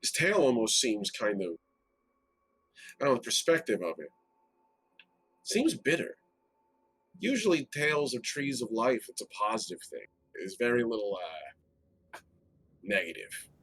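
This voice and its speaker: A man's voice: mid-range voice, big pitch swings, moderate pace, pauses often, fairly bright tone, breathy edge, no room sound. A man playing a tabletop game, thinking aloud in a loose, chatty way. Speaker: player. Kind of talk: casual tabletop game talk.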